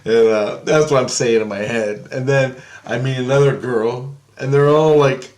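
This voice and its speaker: A man's voice: mid-range voice, moderate pace, darkish tone. A man with a mid-range voice recounts a dream in an unscripted vlog. He talks animatedly and swears freely, slipping into quoted lines as he goes. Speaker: vlogger. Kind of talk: casual profane dream storytelling.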